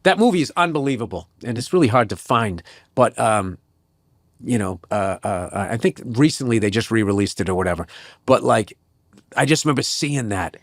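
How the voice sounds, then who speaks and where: A comedian chats casually as an interview guest, telling profane, rambling stories, doing voices for the people in them, and trailing off into asides. His fairly low voice is expressive and moderately paced, captured in a dry studio recording.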